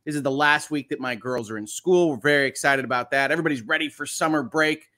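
A man's voice: mid-range voice, fast, bright, forceful tone. Upbeat chatty man hosting. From United States. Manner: upbeat, chatty, frequent "uh" fillers. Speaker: host. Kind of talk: casual morning live stream.

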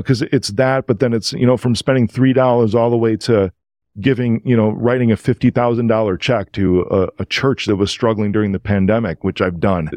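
A man who is a podcast guest, telling stories in an earnest, emotional and animated way. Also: lowish voice, dry recording, studio quality. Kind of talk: casual storytelling.

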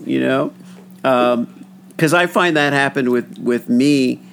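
Man, podcast host, gravelly, halting casual chat. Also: mid-range voice, a bit bright, a little hiss or hum. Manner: halting, many restarts and fillers.

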